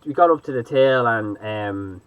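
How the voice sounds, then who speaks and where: A man's voice: medium pitch, a little slow, clear, resonant tone, dry recording, phone-quality sound. An Irish man chatting loosely and hesitantly as a vlogger, rambling through his thoughts. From Ireland. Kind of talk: casual vlog commentary.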